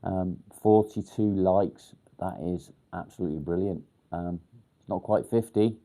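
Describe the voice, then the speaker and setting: Deep-voiced man, halting chat. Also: warm tone. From England, near Warrington. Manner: halting, pauses to think with many ums; swears casually. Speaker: livestream host. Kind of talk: casual live chat reading comments.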